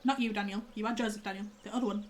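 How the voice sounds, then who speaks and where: A woman's voice: mid-range voice, steady tone, racing, slight background noise. A young woman, chatting and rambling casually as a streamer while she plays. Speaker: streamer host. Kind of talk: casual chat while gaming.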